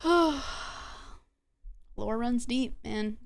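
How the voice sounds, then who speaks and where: A woman's voice: on the high side, extremely slow. A young woman streamer chatting casually and gossiping, swearing freely as she talks. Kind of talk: casual live-stream chat.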